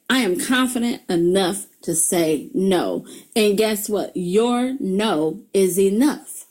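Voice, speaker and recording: Animated middle-aged woman giving life advice. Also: medium pitch. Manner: animated storyteller, laughs often, addresses viewers as y'all. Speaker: self-help video host. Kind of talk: motivational talk.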